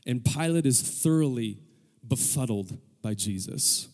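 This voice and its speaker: A man's voice: mid-range voice, lively intonation, a little slow, a little mellow. A man preaching a sermon as pastor, calling out for amens from the congregation and building in intensity. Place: church sanctuary. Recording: long hall reverb.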